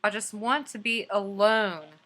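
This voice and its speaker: A woman voicing a soft, cuddly bear who is fed up with being hugged, in a weary, sighing tone. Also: medium pitch, a little slow, voice pushed up.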